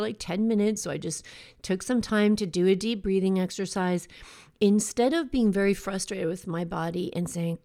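A woman hosting a show, giving an earnest, reflective motivational talk in a conversational way, slowing down to stress key words. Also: medium pitch. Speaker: podcast host.

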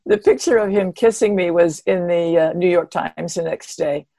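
Older woman guest with a lowish voice, recorded dry and close, telling stories with wry humor. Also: moderate pace, creaky, no room sound. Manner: animated, expressive storyteller with a wry humor. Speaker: interview guest, pioneering marathon runner. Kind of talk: conversational storytelling.

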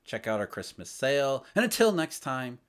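A man giving solo market commentary, emphatic, asking rhetorical questions as he explains. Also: normal speed. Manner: emphatic, rhetorical questions, lively swings in pitch and loudness. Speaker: financial commentator.

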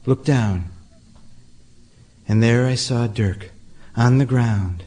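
A man's voice: mid-range voice, slow, dark tone. A man performing a spooky childhood story aloud with dramatic, suspense-building delivery.

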